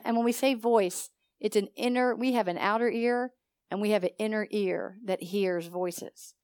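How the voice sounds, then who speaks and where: A woman's voice: mid-range voice, moderate pace, smooth, no room sound. Woman preacher, teaching sermon with testimony, questions to the congregation, dry close sound. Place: church.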